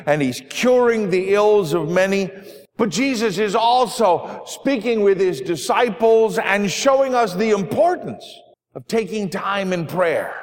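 A male pastor preaching a sermon in a church, reading scripture and telling a story in an earnest, measured way. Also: sits high. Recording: long reverb of a large hall.

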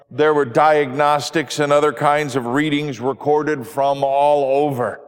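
Man, pastor, sermon, gentle storytelling, reverberant hall. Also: a little high.

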